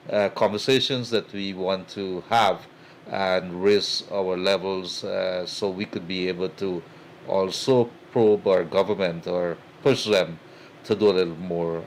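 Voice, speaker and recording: Male host, very low voice, chatty and filler-heavy; faint background hiss. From Guyana. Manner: chatty, many fillers, thanks guests warmly. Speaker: talk show host. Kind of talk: talk show host wrap-up.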